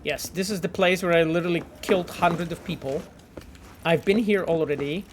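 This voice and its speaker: Animated, swearing male game streamer. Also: a little high, brisk, slight background noise. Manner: animated, swears often, thinks aloud with many fillers. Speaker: game developer streaming gameplay. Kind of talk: casual livestream commentary.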